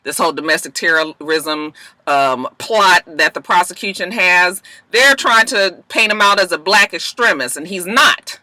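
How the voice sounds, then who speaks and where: A woman giving a casual, animated TV episode recap with Southern US dialect features and a profane streak. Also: normal speed, no room sound. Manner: animated and profane, bursts into high shrieks. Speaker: TV recap reviewer.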